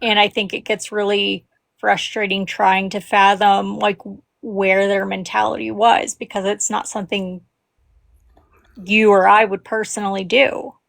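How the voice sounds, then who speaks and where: A woman, gentle and caring, talking hesitantly on a live call. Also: mid-range voice, little pitch movement, unhurried, gravelly, no room sound. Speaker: live stream guest. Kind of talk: casual chat.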